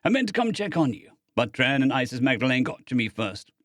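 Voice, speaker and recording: A shaken young spacer speaks quietly and humbly, brushing off praise with a soft "aye", as a male narrator voices him. His voice rises and falls with a lively pitch. The read is close and dry. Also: a little fast, no room sound. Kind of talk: audiobook character voice.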